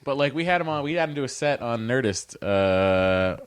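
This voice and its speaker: A man's voice: medium pitch, expressive, moderate pace, smooth, no room sound. A man in his thirties, a comedian guest on a podcast, talking casually, emphatic and full of swearing.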